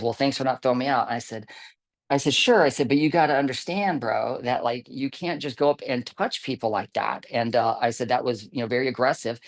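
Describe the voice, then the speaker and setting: A man telling a casual story in a rambling way, full of fillers and restarts, acting out what others said. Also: medium pitch. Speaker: camp volunteer telling a story. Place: online video call.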